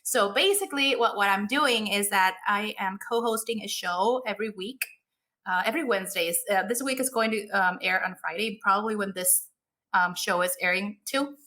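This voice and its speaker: A young woman co-hosting a podcast, talking in a casual, excited, chatty way and laughing often. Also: medium pitch, moderate pace. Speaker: podcast co-host.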